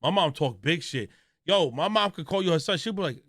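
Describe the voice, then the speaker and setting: A man streaming live, reacting to a video in a loud, joking way with a lot of slang and talking straight to his chat. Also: a little high, lively intonation, brisk, no room sound, clean studio sound.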